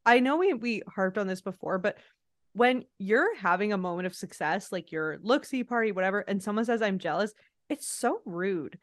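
Woman podcast co-host, mid-pitch, blunt and opinionated, dry close sound. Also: lively intonation, normal speed, no room sound. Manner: opinionated, blunt, swears casually. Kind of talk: casual recap chat.

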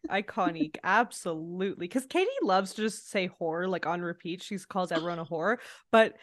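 A woman's voice: lowish voice, moderate pace, no room sound. Wry woman podcast co-host, dry sound. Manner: wry, sarcastic, laughing. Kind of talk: casual recap chat.

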